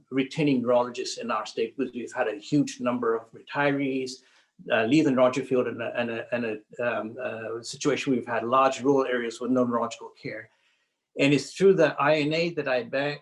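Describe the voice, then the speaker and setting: Halting man recounting his career. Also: medium pitch, rough recording. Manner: conversational, halting, with many fillers and restarts. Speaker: panelist neurologist. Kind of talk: panel discussion storytelling.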